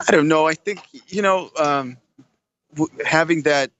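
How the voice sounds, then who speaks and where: A man's voice: fairly high pitch, a little slow, fairly bright tone. Russian-accented man on a dull line. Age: 30s. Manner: eager, rambling with frequent restarts. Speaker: guest. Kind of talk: casual interview. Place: airport, background noise.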